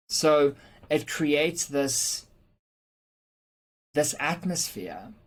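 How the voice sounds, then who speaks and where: A teacher giving an explanatory lesson on rhetorical devices, patiently working through examples and checking in with "okay?" along the way, with frequent "um" fillers. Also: medium pitch. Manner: frequent "um" fillers and small restarts. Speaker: English teacher.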